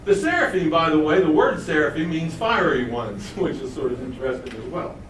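A man teaches a Bible study lesson, his voice sitting a little high for a man. He keeps asking his listeners questions and then answers them himself. He is recorded from some distance in an echoey room, with faint room noise behind. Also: sing-song, brisk, a bit bright. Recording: roomy, mic at a distance.

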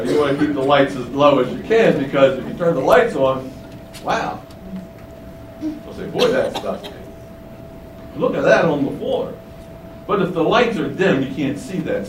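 A man preaching a sermon, emphatic, with many rhetorical questions, in a windowless room. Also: on the high side. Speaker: pastor. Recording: roomy, distant mic, faint hum.

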